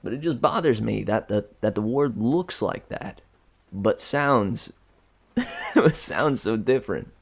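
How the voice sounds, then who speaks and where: Male story reader in a loose aside, chuckly and self-amused, with a low, creaky voice. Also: animated, takes it slowly. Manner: chatty, self-amused, chuckling, trailing off and restarting. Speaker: audiobook reader. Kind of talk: casual rambling aside.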